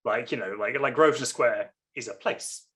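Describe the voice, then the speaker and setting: A man's voice: medium pitch, moderate pace, fairly bright tone. A man with a near-RP English accent, talking as an author guest in a rambling way, often breaking off and apologizing. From England. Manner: rambling, self-interrupting, apologetic asides. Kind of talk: casual conversation.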